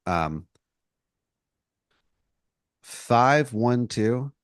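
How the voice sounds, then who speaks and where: A man's voice: medium pitch, lively intonation, drawn-out words, clear, resonant tone, no room sound, studio quality. A man co-hosting a comedy podcast, improvising a rambling story with lots of restarts. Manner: rambling, full of likes and restarts. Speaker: podcast co-host.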